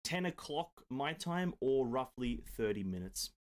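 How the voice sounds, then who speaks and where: A man's voice: medium pitch, big pitch swings, a little slow. A man streaming games from his home desk, chatting casually, answering viewers and joking around with the odd swear word. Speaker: gaming streamer. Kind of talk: casual live-stream chat.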